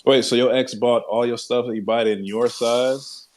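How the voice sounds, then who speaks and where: A man's voice: medium pitch, steady tone, normal speed, darkish tone. A man in a casual group chat, talking in a slangy, laid-back way. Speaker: community member.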